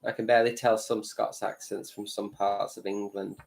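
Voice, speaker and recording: A man co-hosting a live stream in casual chat, playful and quick with comedy quotes and one-liners. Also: lowish voice, level tone, vocal fry, low-quality recording.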